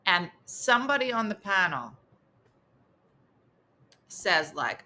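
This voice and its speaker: A woman comedian spins a funny story with exasperated flair. Her pitch leaps and dips all the time. Her voice is bright and forceful. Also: very animated, a little slow, pauses often. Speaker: comedian host. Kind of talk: comic storytelling.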